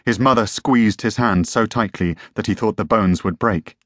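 A man's voice: lowish voice, moderate pace, fairly bright tone, no room sound, studio quality. A man narrating a tense story as an audiobook reader. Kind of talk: scripted narration.

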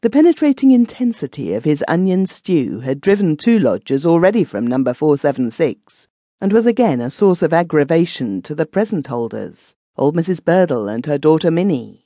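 A woman narrating a classic short story as an audiobook reader, in an expressive storytelling manner. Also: low-pitched, normal speed, no echo, clean studio sound. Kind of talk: scripted narration.

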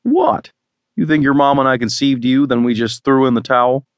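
A man's voice: medium pitch, fairly even intonation, moderate pace, dry recording, muffled recording, voice pushed up, natural voice. A male audiobook narrator voicing a teasing, boastful middle-aged father who is a tech expert. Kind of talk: audiobook dialogue.

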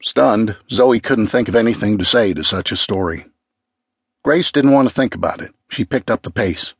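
A man narrating an audiobook with a measured, grave delivery. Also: on the low side, slightly rough, dry recording, studio quality. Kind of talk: scripted narration.

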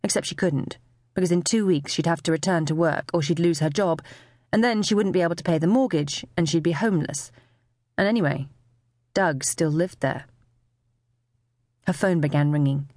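A woman narrating a novel as an audiobook, with expressive storytelling. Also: fairly low pitch, moderate pace, long pauses, dry recording, clean studio sound. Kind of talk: scripted narration.

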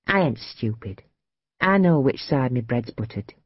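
A woman's voice: extremely low pitch, lively intonation, a little slow, no echo, lo-fi sound, full character voice. A woman voicing a brazen, teasing young maid. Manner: cheeky, teasing. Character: cheeky, brazen young working-class maid.

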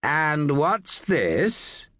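A man's voice: mid-range voice, big pitch swings, a little slow, bright, forceful tone, no echo, studio quality. A man reading an audiobook, voicing an impatient older British general who speaks curtly and with weight. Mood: irritated.

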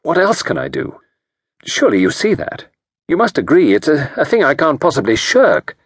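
A man's voice: medium pitch, wildly swooping pitch, normal speed, slightly rough, no room sound, clean studio sound, voice pushed up, exaggerated voice. A man voicing an earnest, hot-tempered doctor who speaks insistently, in an audiobook reading. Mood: heated. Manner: heated, insistent.

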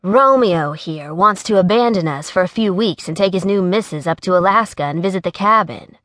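A woman's voice: lowish voice, lively intonation, moderate pace, a bit bright, no echo. A woman voicing a good-natured young man who sounds a little weary and wry in an audiobook.

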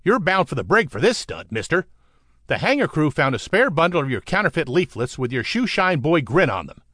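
A man's voice: on the high side, very animated, a little fast, fairly bright tone, no echo, clean studio sound, voice pushed up. A man voicing a spiteful, contemptuous male commanding officer who spits his words. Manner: spitting, contemptuous.

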